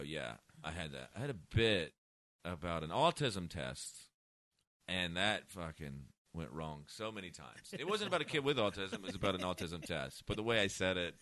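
A man's voice: low-pitched, fairly bright tone, dry recording. A man who is a stand-up comedian, telling blunt, profane stories in casual chat. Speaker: comedian guest.

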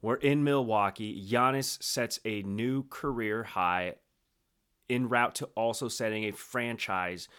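A man co-hosting a casual sports talk show, telling stories in a playful, animated way. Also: lowish voice, slow pace, smooth. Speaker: co-host.

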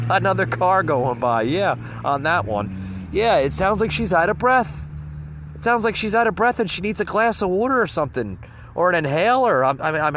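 A man's voice: a little high, fairly bright tone, a little hiss or hum. A man hosting a casual political commentary podcast, rambling and stumbling over his words with frequent chuckles. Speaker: podcast host. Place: near a road with passing cars.

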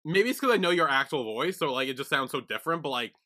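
A young man co-hosting a podcast in casual chat, laid-back, bursting into loud laughter and swearing. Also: fairly high pitch, expressive, quick pace. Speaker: podcast co-host.

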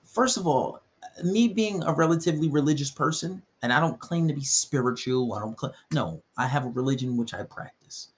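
A man's voice: expressive, a little fast. Blunt, preachy young man podcasting. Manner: blunt, preachy, acts out quoted voices with big pitch jumps. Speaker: podcast host giving dating advice. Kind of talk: solo podcast monologue.

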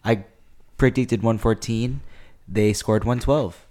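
A man's voice: medium pitch, slow pace, warm tone. A man co-hosting a casual sports podcast, laid-back with dry jokes, reading a game recap. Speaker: podcast co-host.

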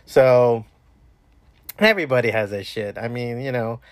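A man rambles through a casual podcast monologue from home, swearing freely and restarting his sentences. His voice sits at an ordinary pitch for a man. The sound is close and dry, with no room echo. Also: a little slow. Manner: profane, rambling, lots of restarts and fillers. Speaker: podcast host.

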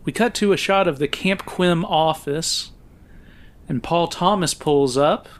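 A man co-hosts a loose movie podcast and walks through the plot in a light, fairly high voice. He laughs easily and fills his pauses with "uh" as he goes. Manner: laughs often, recaps plot with fillers. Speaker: podcast co-host. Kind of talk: casual film-review chat.

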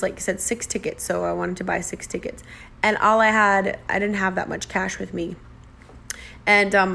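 A woman's voice: mid-range voice, gravelly, fairly bright tone, slight background noise. A woman from the United States casually telling a chatty, self-deprecating travel story and acting out the dialogue.

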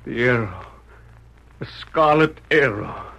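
An actor playing a frightened, rambling frontier prospector with a rural drawl, in 1940s radio acting. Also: male voice, medium pitch, lively intonation, slow, creaky, a bit bright, full character voice. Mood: scared.

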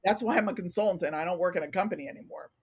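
Very fast and husky, with a fairly low pitch, a middle-aged woman talks candidly as a podcast guest in a casual interview. She works as an organizational consultant and animatedly acts out the remarks people make to her.

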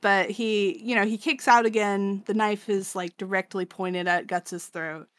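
A woman talks through a comic story in relaxed, profane podcast chat, slipping into quick voices for the characters. Her voice sits at an everyday middle pitch. The sound is dry and close, with no room behind it. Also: dry recording. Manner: loose and profane, acting out characters' lines with lots of "like". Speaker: podcast co-host. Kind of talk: casual chat, recapping a manga.

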